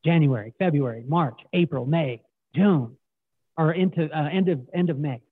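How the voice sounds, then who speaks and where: A middle-aged man guest, telling stories in an animated way and acting out quotes. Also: on the high side, normal speed, slightly rough, dry recording. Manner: animated storyteller, acts out quotes. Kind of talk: casual storytelling interview. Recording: tinny phone-like line, dry.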